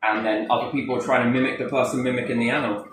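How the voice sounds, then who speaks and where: A man hosting a casual chat, rambling and swearing now and then, often checking in with a quick "yes?". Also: mid-range voice, steady tone, faint music behind. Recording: echoey room, faint noise.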